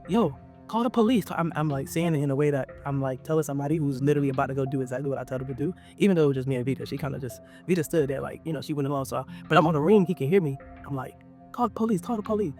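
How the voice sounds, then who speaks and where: Casual male vlogger, animated storyteller, rapid talker. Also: medium pitch, faint music behind. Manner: animated, acts out quotes, talks straight to viewers.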